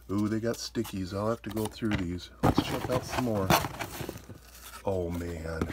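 A man's voice: on the low side, takes it slowly, very noisy. A man collector hosting an unboxing video, calling out each find and exclaiming with delight. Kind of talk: unboxing vlog.

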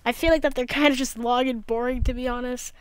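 A woman's voice: sits high, steady tone, fast talker, smooth, dry recording, studio quality. A young woman with a slight lisp giving casual, tired and cranky commentary over her own gameplay, talking into a gaming headset. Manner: tired and cranky, mumbling asides to self. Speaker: gaming video creator.

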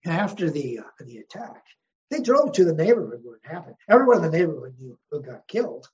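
A man's voice: a little high, sing-song, fast, lo-fi sound. A man, a history professor, speaking as an interview guest in an emphatic, wry way and posing rhetorical questions. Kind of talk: conversational interview.

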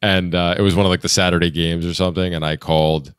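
Deep smooth-voiced guy rambling on a podcast, laughs a lot, dry close sound. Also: little pitch movement, fast, no room sound. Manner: rambling, laughs often, restarts his sentences. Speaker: podcast co-host. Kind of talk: casual chat.

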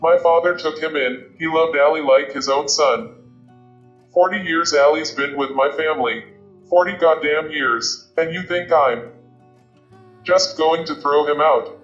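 Man reading as a stern proud father, curt, clipped, angry, slightly high voice, muffled sound, soft guitar behind. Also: unhurried. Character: stern proud Afghan father, quick-tempered.

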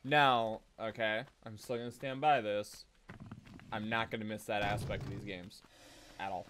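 A man's voice: on the low side, unhurried, slight background noise. A man streaming video games, cursing and yelping as he plays and reacts. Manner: animated, sweary, prone to sudden yelps. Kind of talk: casual gaming commentary.

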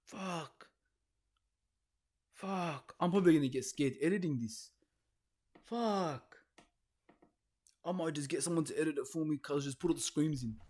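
A young man doing horror game commentary, swearing and mocking himself, jumping from low mutters to panicked yelps. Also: racing, hardly any pauses, dark tone. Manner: jumpy, swearing, nervous self-mocking, shifting between muttering and panicked yelps. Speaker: gaming YouTuber.

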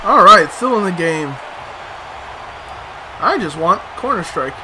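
Guy with a high voice doing game commentary, slow, muttering and cursing at the screen. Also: expressive, background noise. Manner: mutters to himself, swears in frustration, sudden outbursts. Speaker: let's play host. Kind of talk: gameplay commentary.

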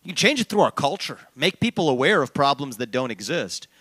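Man hosting a town hall, bright, forward voice, dry close sound, fluent and rallying. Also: medium pitch, brisk, husky. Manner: fluent, animated, jokey asides, rallying. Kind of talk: public town hall remarks.

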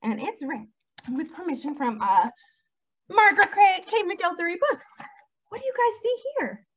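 A young woman leading a toddler storytime at a library, reading aloud slowly in a sing-song, animated way with whispered shushes, on a dull lo-fi recording. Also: very high-pitched. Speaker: children's librarian. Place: library program room.

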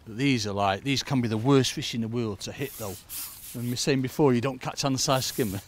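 A British angling coach gives a casual fishing lesson outdoors by a lake in cold weather. His mid-range voice moves fairly quickly with hardly any pauses, and he chats away, repeatedly calling his listeners "folks."

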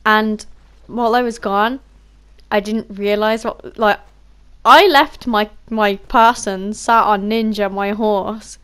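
A Black Country woman who vlogs about gaming chats over game voice chat from home on a headset mic, rambling and laughing often. Her mid-range voice is steady, slow, fairly bright, clear and resonant.

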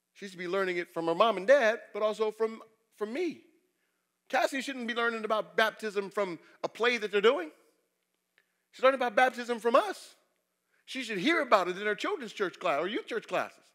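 A man preaching a sermon as pastor, asking the congregation questions and swinging between loud emphasis and quiet, confessional passages. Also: high-pitched. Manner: asks the congregation rhetorical questions.

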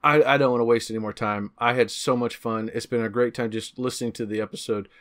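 A man's voice: medium pitch, fairly even intonation, fast, a bit bright. A man in his thirties hosting a podcast, upbeat and playful, chatting casually with a few false starts. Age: 30s. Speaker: podcast host.

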